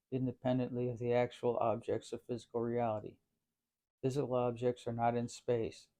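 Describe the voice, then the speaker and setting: A man putting on a mock German accent to voice an elderly male physicist, reading slowly and deliberately. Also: medium pitch, mellow, natural voice. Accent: put-on German.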